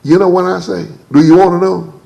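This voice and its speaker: A man preaching a church sermon. He calls on the congregation to answer back, repeats and stammers over words, and leaps higher when he acts out quotes. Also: level tone, brisk, gravelly, mellow, rough recording. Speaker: pastor. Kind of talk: preached sermon with call-and-response. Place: church service.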